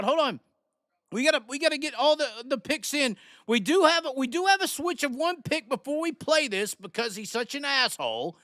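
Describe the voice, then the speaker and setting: A man hosting a rowdy live stream, announcing loudly and swearing often like a hype man. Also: very high-pitched, no room sound, clean studio sound. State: frustrated and worked up. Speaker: livestream host.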